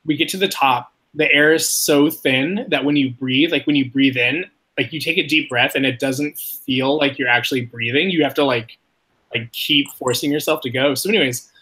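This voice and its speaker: A man hosting a podcast, telling a casual story in a rambling way, swearing freely and filling his talk with "like", his pitch jumping higher when he quotes himself. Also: rough recording. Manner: animated, jumps higher when quoting himself. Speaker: podcast host. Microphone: podcast mic.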